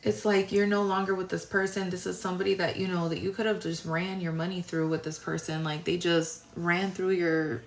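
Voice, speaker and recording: Low-voiced rambling woman tarot reader. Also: little pitch movement, brisk, hardly any pauses. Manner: rambling, searching for words. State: tired. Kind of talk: casual tarot reading to viewers. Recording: roomy echo.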